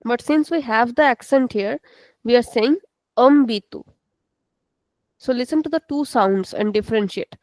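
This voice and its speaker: A patient woman teaching an online language lesson to students, repeating words slowly and explaining each sound. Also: fairly high pitch, a little mellow, no room sound, low-quality recording.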